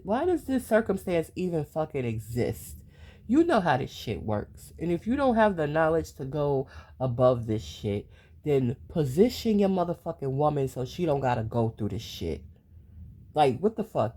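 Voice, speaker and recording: A woman's voice: low voice, dark tone. A woman hosting her own podcast, venting in a heated, profane monologue full of repeated rhetorical questions. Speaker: podcast host. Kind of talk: solo ranting monologue.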